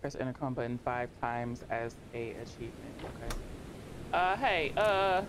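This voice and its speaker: A horror game streamer giving let's play commentary, talking to themself and jumping into sudden high-pitched yelps. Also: animated, normal speed, noisy background. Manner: talks to themself, reads game text aloud.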